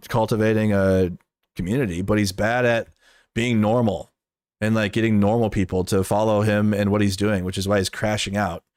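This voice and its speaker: A man's voice: on the low side, no room sound, studio quality. A man in casual stream commentary, talking in a blunt, rambling and profane way, with lots of "like".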